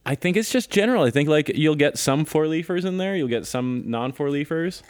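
A man co-hosting a casual podcast chat, talking playfully and rambling with quick asides. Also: fairly high pitch, expressive, smooth. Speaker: podcast co-host.

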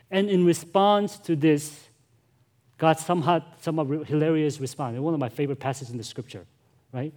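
A man's voice: medium pitch, darkish tone. A male pastor preaching a sermon, earnest and emphatic, often addressing the congregation directly.

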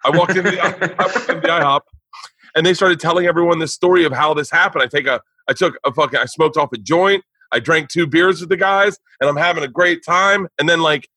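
A man, a comedian, spins a profane anecdote in loose podcast conversation. His voice is bright and a little husky, and he sits fairly high for a man. The sound is dry and close. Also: fairly quick, no room sound, poor audio. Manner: animated, profane, laughing storyteller. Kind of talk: casual podcast storytelling.

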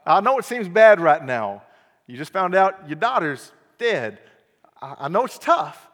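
Guy preaching, earnest, repeats stuff, goes quiet then loud, high voice, long echo in the church. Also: very animated, moderate pace. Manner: earnest, repeats key phrases, swings from quiet to loud emphasis. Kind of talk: evening sermon. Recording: long hall reverb.

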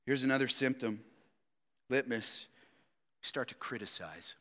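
A man preaching a sermon, swinging between loud emphatic outbursts and quiet, low asides, often asking his listeners rhetorical questions. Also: unhurried, long pauses, in a large hall. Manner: addresses listeners as "loved ones" and asks rhetorical questions. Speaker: pastor. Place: church sanctuary.

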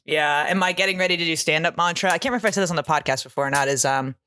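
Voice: medium pitch, rapid-fire, sharp tone, clean tone, no echo, studio quality. A stand-up comedian hosting a podcast, chatting in a self-mocking way and laughing often. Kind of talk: casual podcast chat.

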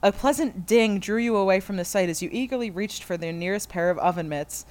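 Woman, reading fan fiction aloud, middle pitch, laughs between lines. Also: brisk, a little mellow. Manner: reads aloud, breaking into laughter. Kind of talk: comedic dramatic reading.

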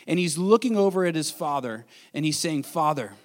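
An earnest male pastor preaches a sermon with a somewhat high voice for a man. He swings between bold, raised lines and near-whispered hushes. His words ring out with long reverb in a church hall. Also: lively intonation, a little fast. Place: church sanctuary.

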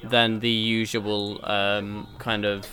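A British man co-hosting a podcast, talking in a casual, hesitant way with many pauses and restarts. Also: on the low side, flat delivery, sharp tone. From Britain. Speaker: podcast co-host. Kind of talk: casual chat.

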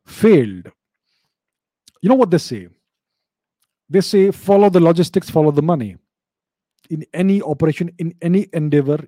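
A man answering viewer questions in an unscripted explanatory talk, measured, often repeating and restarting phrases. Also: on the high side, dark tone, no echo.

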